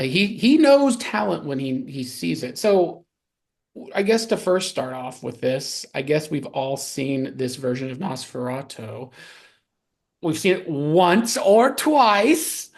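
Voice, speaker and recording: A man hosting a podcast in casual chat, rambling loosely and laughing often. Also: on the high side. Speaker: podcast host.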